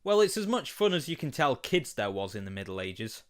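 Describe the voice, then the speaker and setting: A man's voice: mid-range voice, sing-song, brisk, background noise. A man giving comedic cartoon-review commentary in an incredulous, sarcastic and profane manner.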